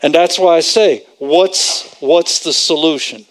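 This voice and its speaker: A man's voice: on the high side, unhurried, few pauses. A man preaching a conversational sermon, repeating phrases for emphasis and quoting scripture.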